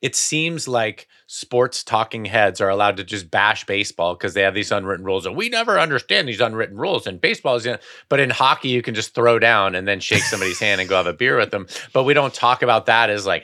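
A man's voice: on the low side, expressive, fairly quick, pushed and bright. A man who once played the game, co-hosting a casual sports talk show and talking in a rambling, chatty way. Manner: rambling, chatty, laughs often.

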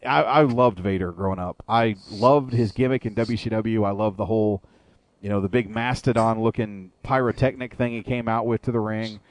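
A man's voice: lowish voice, fairly even intonation, moderate pace, no room sound. A man hosting a wrestling radio show, ranting with lots of swearing in a casual chat. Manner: profane, ranting storyteller.

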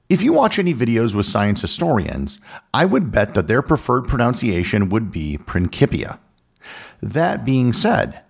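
A man narrating his own podcast in a measured, explanatory way. His low voice has a gravelly, husky edge, and his pitch rises and falls a lot as he explains. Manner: measured, explanatory, reads listener messages. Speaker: podcast host.

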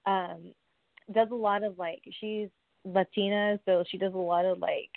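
A chatty woman rambles through a story for her vlog, piling on fillers and side remarks. She dips into hushed whispers and then breaks out loudly. The sound is thin and phone-like, with a dry, close feel. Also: mid-range voice, steady tone, unhurried, gravelly, no room sound. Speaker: wrestler.

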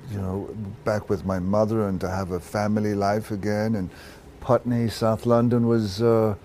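A man's voice: lowish voice, level tone, moderate pace, dark tone, a little hiss or hum. A man in his sixties, born in Ireland, telling stories in a candid interview, reflective and self-deprecating, restarting his sentences often. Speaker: actor guest.

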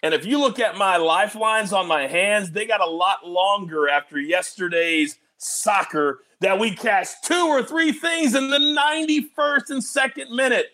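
A man hosting a sports betting show, animated and joking as he teases his guests. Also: high voice, normal speed, hardly any pauses.

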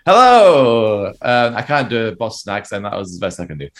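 Deep-voiced man in casual chat. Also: racing, fairly bright tone. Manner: chatty, self-deprecating, laughs often. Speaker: podcast co-host. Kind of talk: casual football podcast chat.

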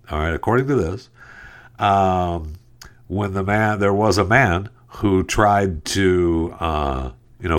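A middle-aged man with a very low, deep voice hosts a podcast in a casual commentary style. He rambles through the news with many fillers and drops sarcastic asides as he goes. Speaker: podcast host.

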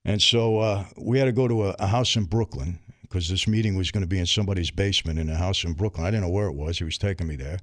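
A man's voice: low voice, fast, few pauses, no echo, studio quality. Streetwise New man telling stories. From New York. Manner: streetwise, vivid, acts out dialogue. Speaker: interview guest. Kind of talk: candid storytelling. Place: studio.

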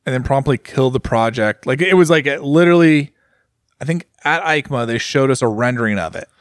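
A young man co-hosting a chatty podcast, rambling and animated, with "like" scattered all through his talk. His voice sits at an ordinary mid pitch and sounds close and completely dry. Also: fairly quick, dry recording. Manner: animated, rambling, heavy use of "like". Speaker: podcast co-host. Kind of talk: casual chat.

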